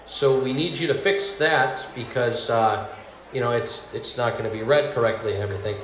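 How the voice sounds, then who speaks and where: A man's voice: mid-range voice, moderate pace, fairly bright tone, roomy sound, slight background noise. A man doing stand-up, telling work stories, laughing at his own jokes and acting out other people's lines in raised voices. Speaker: stand-up comedian. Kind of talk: stand-up storytelling.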